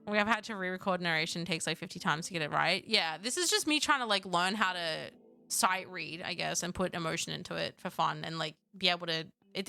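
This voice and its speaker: Young woman, streamer, casual rambling chat, swears a lot, bright voice, faint music behind. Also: on the low side, vocal fry. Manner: loose, rambling, swears freely.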